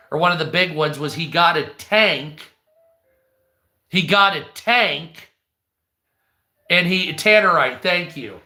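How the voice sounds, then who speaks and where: A man hosting a live stream, rambling in casual, profane chat and telling animated stories. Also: sits high, reverberant.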